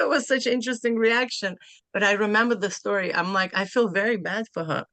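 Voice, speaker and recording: Lively laughing woman telling a story. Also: fairly high pitch, no room sound. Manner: lively, laughing, bursts of rapid speech. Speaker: class participant. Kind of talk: casual storytelling.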